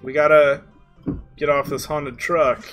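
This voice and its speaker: A man voicing a playful, imaginative teenage girl in a video game, high and excited as she plays pretend. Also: measured pace, soft background music.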